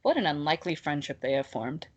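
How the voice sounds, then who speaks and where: A woman co-hosting a casual book discussion podcast, talking in an animated, exasperated way and laughing often. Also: low voice, quick pace, dull audio. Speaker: podcast co-host.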